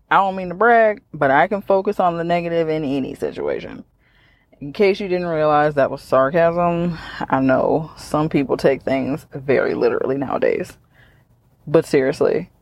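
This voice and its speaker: A woman's voice: sits low, no echo. A woman in her thirties hosting her own podcast, talking in a chatty, ranting way with dry sarcasm. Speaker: podcast host. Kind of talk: casual solo podcast chat.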